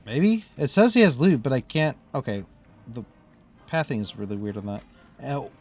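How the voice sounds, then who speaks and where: Here a Midwestern man streams a game and keeps up relaxed chatter, meandering and trailing off mid-thought amid plenty of laughter. His mid-range voice is sing-song and a little mellow, at normal speed.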